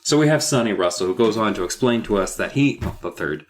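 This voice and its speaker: A man's voice: on the low side, lively intonation, fast talker, a little hiss or hum. A man co-hosting a podcast, recapping a children's horror book in loose, joking, profane chat. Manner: loose, profane, jokey, reads passages aloud. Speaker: podcast host.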